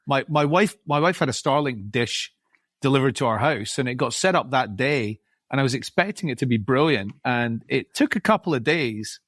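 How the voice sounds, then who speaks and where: A man's voice: mid-range voice, expressive, normal speed, fairly bright tone, no room sound, studio quality. A man with a Scottish accent, a tech co-founder speaking as a podcast guest in a friendly, easygoing way. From Scotland. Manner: friendly, easygoing, repeats words. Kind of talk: casual interview chat.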